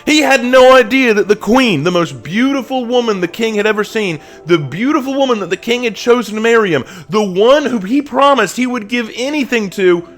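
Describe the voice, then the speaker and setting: Brief: expressive male Bible teacher, dramatic storyteller, lively voice. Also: very high-pitched, brisk, hardly any pauses, soft background music. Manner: dramatic, retells scenes with voices and laughter. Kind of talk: animated Bible study teaching.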